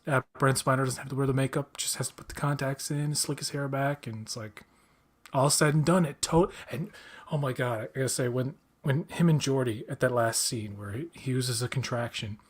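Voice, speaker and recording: Chatty man talking excitedly. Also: medium pitch, a little fast, slightly rough. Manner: rambling with many restarts and fillers; enthusiastic fan. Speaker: podcast host. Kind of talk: casual chat.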